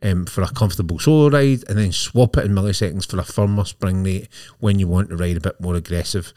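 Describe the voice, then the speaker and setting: A man's voice: sits low, quick pace, warm tone, no room sound, studio quality. A man co-hosting a casual motorbike podcast, reading out technical news with jokes in between. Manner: jokey, technical explainer. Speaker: podcast co-host. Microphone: podcast mic.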